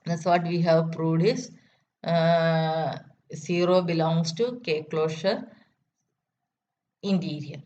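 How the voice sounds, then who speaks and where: Woman lecturer with a lowish voice, methodical proof-by-proof delivery, muffled lo-fi recording. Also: steady tone, takes it slowly, long pauses, dark tone. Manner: methodical, repeats key steps. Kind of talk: math lecture. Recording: dull lo-fi recording with faint noise.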